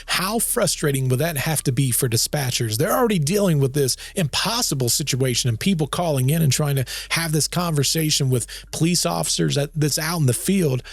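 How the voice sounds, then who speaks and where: A man's voice: a little high, lively intonation, fairly quick, creaky, hardly any pauses, slight background noise. A man narrating a documentary in a conversational tone and asking rhetorical questions.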